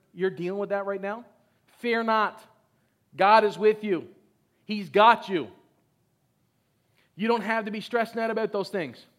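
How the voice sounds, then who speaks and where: A middle-aged man preaching in a high-pitched voice. He exhorts his congregation to answer him back and reads scripture with heavy emphasis, stretching out the key words. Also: a bit bright. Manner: exhorting, calls for congregation responses. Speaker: pastor. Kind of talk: sermon.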